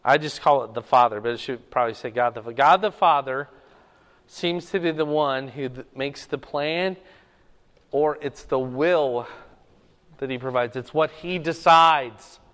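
A man's voice: mid-range voice, unhurried, fairly bright tone. Man teaching a Bible class in a hall. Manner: checks in often with the class.

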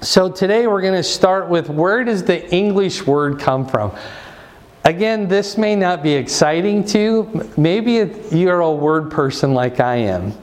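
A man's voice: high voice, lively intonation, measured pace. A pastor teaching his church in a conversational, rambling way, full of restarts and asides.

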